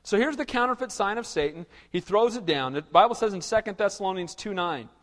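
A man preaching a sermon, telling Bible stories in an animated way and acting out the quotes. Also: sits high, fairly quick, long reverb tail. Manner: animated storytelling, acts out quotes. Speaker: pastor.

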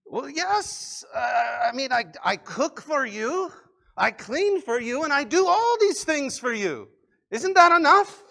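Guy putting on a fed-up old wife, high squeaky voice, stammers and rattles off her chores. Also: very animated, takes it slowly, gravelly, pushed and bright, full character voice. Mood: exasperated. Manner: flustered, stammering. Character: exasperated older wife listing her chores.

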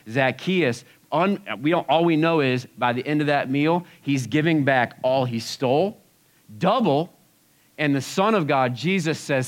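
A man preaching a sermon to a live audience in a relaxed, conversational way, swinging between loud and hushed. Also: medium pitch, low-quality recording.

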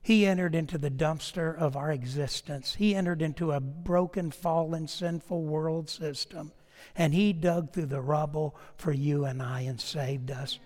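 A man's voice: fairly high pitch, measured pace, darkish tone. A male pastor, preaching a sermon through folksy, humorous storytelling that turns into earnest appeals. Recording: long hall reverb.

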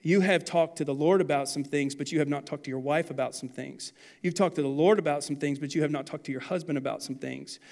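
A man in his thirties preaching a sermon as pastor, animated and then dropping to quiet intensity. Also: fairly high pitch, fast talker, gravelly, hardly any pauses.

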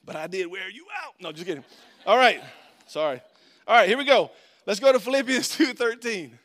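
Animated high-voiced preacher man. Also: a little fast. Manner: animated storyteller, swings from quiet to shouting. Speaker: pastor. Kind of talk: sermon with personal story.

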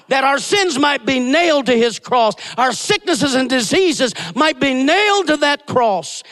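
A man preaching with a very high, lively voice that leaps from hushed asides to shouted peaks. His words ring out into the long reverb of a big church hall. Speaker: guest pastor. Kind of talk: sermon.

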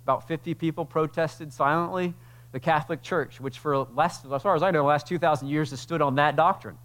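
A male pastor preaching a conversational sermon to his church, building from casual asides into loud, drawn-out emphatic passages. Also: on the high side. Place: church sanctuary.

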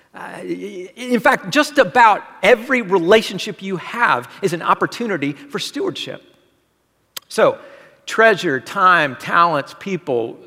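A man's voice: sits high, fairly bright tone, long reverb tail. A male pastor giving a conversational sermon, asking the congregation questions. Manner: conversational preaching with rhetorical questions.

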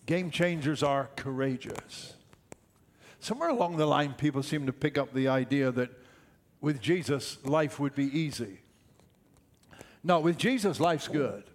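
An older man preaches with a high, bright voice. He leans into his points and repeats phrases for emphasis. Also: lively intonation, measured pace, long pauses. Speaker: pastor. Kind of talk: sermon.

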